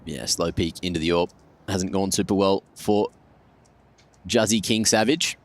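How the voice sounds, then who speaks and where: A man giving measured tactical analysis of an esports match over a headset mic. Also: low-pitched.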